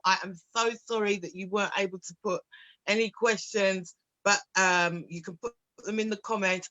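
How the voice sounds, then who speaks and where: A woman's voice: mid-range voice, pushed and bright, dull audio. A woman hosting an online talk show, enthusiastic and encouraging as she wraps up. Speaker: show host.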